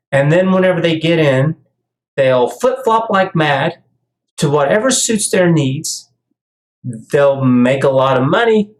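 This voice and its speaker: A heated commentator rants straight to the viewer in a monologue, tripping over and repeating words as the points pile up. The voice sits in a mid range and rings in a roomy, echoey space. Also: mid-range voice. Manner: heated, stammering restarts. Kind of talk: ranting monologue. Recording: echoey room.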